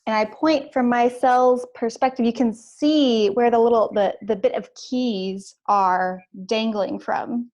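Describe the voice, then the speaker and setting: A woman's voice: on the high side, fairly even intonation, unhurried, hardly any pauses, a little mellow. A woman player in a tabletop game explaining her character's actions, with some restarts. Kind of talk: tabletop role-play.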